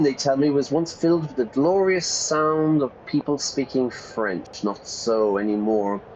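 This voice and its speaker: Low-voiced man reading a game aloud. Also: a little mellow, highs cut off, slight background noise. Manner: playful, pauses to gloss vocabulary and self-correct. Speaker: English teacher streaming a game. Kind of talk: reading game text aloud and explaining words.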